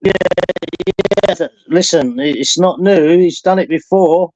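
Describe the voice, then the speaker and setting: A man's voice: fairly high pitch, takes it slowly, darkish tone. He is a man hosting a live stream who chats casually, rambles through his stories and laughs along as he goes. The sound is dull and lo-fi. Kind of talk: casual chat.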